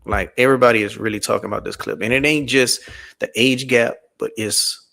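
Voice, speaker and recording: A man's voice: fairly low pitch, steady tone, fairly quick, creaky, pushed and bright. A man hosting a reaction show, commenting in a casual, slangy, digressive way. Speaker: host.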